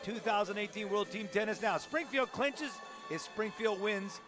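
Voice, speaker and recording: Man, high voice, tennis play-by-play, emphatic broadcast commentary, faint music behind. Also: normal speed. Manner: energetic, emphatic, with restarts.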